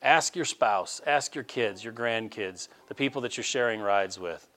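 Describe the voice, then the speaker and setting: A middle-aged man, a pastor, preaching an impassioned sermon that swings from loud emphatic outbursts to quiet asides. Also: lowish voice, normal speed. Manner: closes in prayer.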